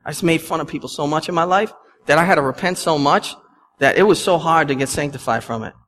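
A man's voice: on the high side, fast talker, a bit bright, a little hiss or hum. A young adult male pastor preaching a sermon in a conversational, emphatic way, with asides to the congregation. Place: church sanctuary. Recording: long reverb from a church hall.

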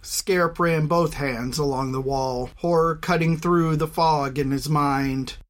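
In a measured, even storytelling voice of medium pitch, an audiobook narrator reads a fantasy story as scripted narration.

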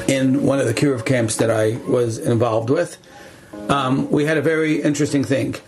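A man, a rabbi, telling a story in an animated way and acting out the dialogue. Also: mid-range voice, normal speed, faint music behind, low-quality recording. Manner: animated, acts out the dialogue, uses Yiddish words. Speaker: rabbi at a camp. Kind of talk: storytelling talk.

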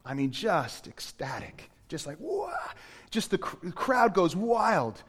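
A man preaches a sermon with a slightly high voice, dropping to hushed tones before rising into loud, emphatic lines. His voice rings with the long reverb of a church hall. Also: very animated, a little slow, husky. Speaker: pastor.

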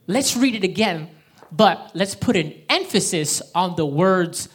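A woman preaches to her congregation in a slightly low voice, pressing her points with emphasis and drawing the room into reading along with her. Her delivery is that of a pastor at a church service. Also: animated, unhurried, husky. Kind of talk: sermon.

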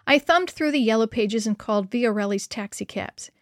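A woman reading a first-person story aloud in a lively, expressive storytelling manner. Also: a little high, moderate pace, few pauses, dry recording, studio quality.

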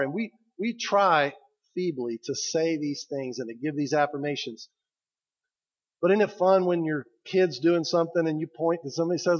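Man preaching on a dull lo-fi recording. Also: on the high side. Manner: conversational, emphatic preaching with slow pauses. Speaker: pastor. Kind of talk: sermon.

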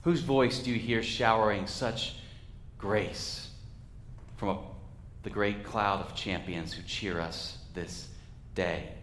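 A male pastor preaching a sermon in a church, with a measured, reflective delivery and dramatic pauses. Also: fairly low pitch, fairly even intonation, a bit bright, reverberant, slight background noise.

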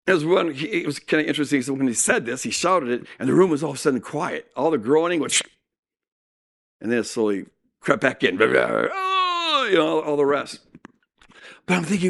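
A man telling a personal story in a sermon, animated and acting out what people said. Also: fairly high pitch, brisk, gravelly. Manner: animated storytelling with acted-out quotes. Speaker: speaker.

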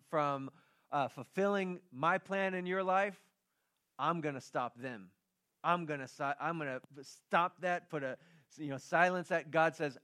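A middle-aged man preaching a sermon, telling a family story in a conversational way that swings from hushed to loud and emphatic. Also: a little high. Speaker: pastor.

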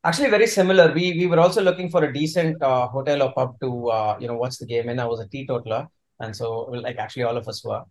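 A man's voice: medium pitch, fairly even intonation, quick pace, low-quality recording. A man in his thirties from India, co-hosting a podcast in casual chat, joking and often restarting his words. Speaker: podcast co-host.

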